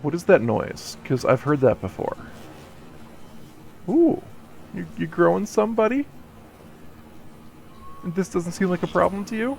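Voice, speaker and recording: A man's voice: high voice, lively intonation, a little slow, vocal fry, pauses often, darkish tone. A man streaming a video game live, commenting playfully and joking back at the characters. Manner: playful, jokey, talks to the game.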